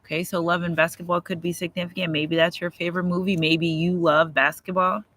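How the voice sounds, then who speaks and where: Male tarot reader, high and bright, casual livestream patter, chatty and emotional, recorded outside. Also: flat delivery, a little fast, poor audio. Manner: chatty, repetitive, breaks into sung lyrics, gets emotional. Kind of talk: casual livestream card reading. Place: outdoors near trees and a road.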